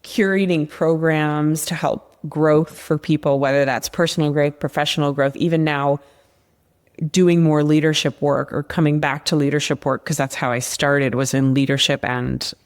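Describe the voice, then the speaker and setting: A woman's voice: sits low, fairly even intonation, moderate pace. A young adult woman, a leadership coach, talking candidly and upbeat in a casual conversation.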